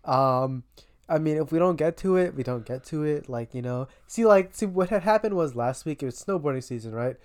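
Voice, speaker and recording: Young Long Island woman, podcast co-host: very deep voice, offhand and sarcastic, swears. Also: expressive, fairly quick, a little mellow. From Long Island, New York. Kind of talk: casual chat.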